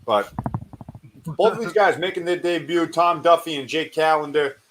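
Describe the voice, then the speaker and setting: A man co-hosting a fight show and recapping bouts in a steady, measured casual way. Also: fairly high pitch, background noise. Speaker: co-host and fight commentator.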